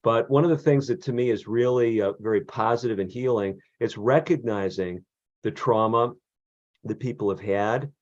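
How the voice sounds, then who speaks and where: A middle-aged man, a physician, hosts a live online health workshop in a relaxed way, often pausing on "uh". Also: medium pitch, no room sound. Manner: relaxed, loose delivery with frequent "uh" fillers. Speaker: physician and program host. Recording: dull, lo-fi, dry sound.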